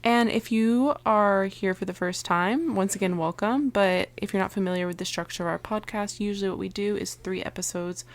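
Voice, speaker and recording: A woman's voice: medium pitch, fairly even intonation, moderate pace, hardly any pauses. A young adult woman co-hosting a podcast in casual chat, talking with frequent "um"s and laughing easily. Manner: chatty, laughs often, hesitant fillers. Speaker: podcast co-host.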